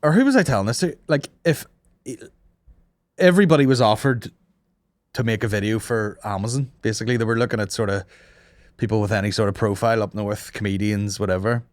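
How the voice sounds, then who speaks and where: Male podcast host, low voice, dry close mic, animated sweary comic banter. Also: brisk, no room sound. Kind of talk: casual comedic podcast banter.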